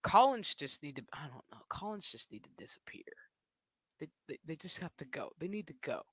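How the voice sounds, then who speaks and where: A man's voice: fairly high pitch, very animated, a little fast, sharp tone, breathy edge, dry recording. A man streaming live, ranting casually in a crude, mocking way and often breaking into laughter. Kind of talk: casual livestream rant.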